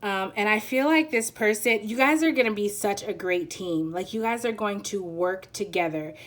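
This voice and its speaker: A woman's voice: medium pitch, normal speed, fairly bright tone. Giggly, rambling woman tarot reader. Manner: rambling, giggly, searches for words with many "like"s. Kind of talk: casual pick-a-card tarot reading.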